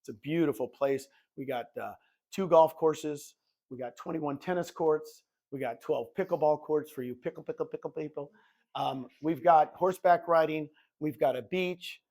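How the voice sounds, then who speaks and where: An older man in his sixties presenting to a room of real estate agents. He talks like a goofball, telling stories and acting out both sides of his conversations. His voice sits a little high. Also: normal speed. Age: 60s. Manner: animated storytelling, acts out dialogue; jokey self-described goofball. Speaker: real estate recruiter and coach.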